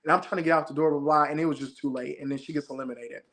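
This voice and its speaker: Animated young man telling a story. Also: fairly high pitch. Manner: fast, excited retelling, acting out his own shouts. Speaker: interview guest, former game show contestant. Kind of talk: animated storytelling in casual chat.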